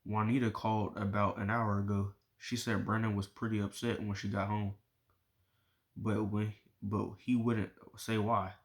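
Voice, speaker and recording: Caring firm mom, man reading her lines in a low flat voice, storybook reading. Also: unhurried. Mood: concerned. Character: caring adult mother, protective and firm.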